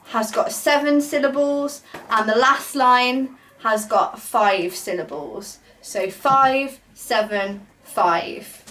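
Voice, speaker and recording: A woman's voice: fairly high pitch, fairly bright tone, recorded from a distance. A young adult woman leading a beginner poetry workshop, explaining patiently with many ums. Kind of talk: casual beginner lesson. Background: guinea pigs chewing.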